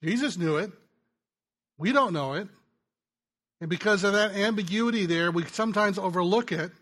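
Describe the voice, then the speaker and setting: Male pastor, sermon delivery, conversational storyteller, somewhat high-pitched, stumbles and restarts. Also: normal speed. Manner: conversational storytelling, drops soft and quiet in tender moments; frequent restarts and stammers. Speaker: pastor and ministry teacher.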